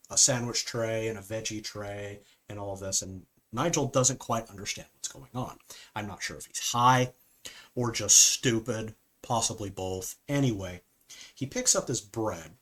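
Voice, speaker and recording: A man giving a casual spoken film review, rambling with frequent fillers and "okay?" asides. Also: fairly low pitch.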